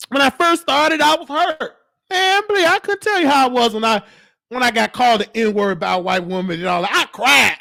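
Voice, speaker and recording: A man hosting a show, telling stories in an animated way and acting out the voices of the people in them. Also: very high-pitched, moderate pace, creaky, dry recording. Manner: animated, acts out quoted voices. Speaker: show host. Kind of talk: storytelling monologue.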